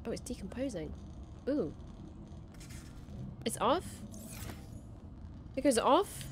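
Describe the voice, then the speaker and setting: A woman giving casual, excitable let's-play commentary, chattering to herself and to the creatures she meets. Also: fairly high pitch, slow pace, long pauses, a little hiss or hum. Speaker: game streamer. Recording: game music under voice. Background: game music.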